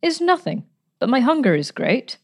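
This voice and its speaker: A woman reading a storybook, voicing a charming, playful gentleman who speaks in a breezy, teasing, pleasant way. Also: high voice, sing-song, moderate pace, voice pushed up. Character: charming, playful gentleman adventurer, adult man.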